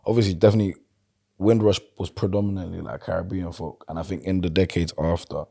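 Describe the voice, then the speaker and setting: A man with a South London accent and a very low voice talks in a casual podcast conversation. He tells stories in a relaxed, rambling way. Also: fast, gravelly. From London, England. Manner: relaxed storyteller, loose and chatty. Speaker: podcast guest.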